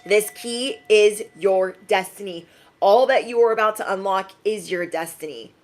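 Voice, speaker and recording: A woman giving a casual, emphatic live-stream reading, chatty and quick to laugh. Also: mid-range voice. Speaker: tarot reader.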